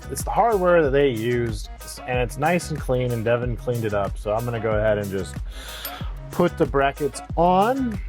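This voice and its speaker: A man's voice: medium pitch, a little mellow. A man hosting a boat vlog, thinking aloud and chuckling as he narrates a fix-up job inside a sailboat cabin. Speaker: boat owner and vlog host. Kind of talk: casual DIY narration.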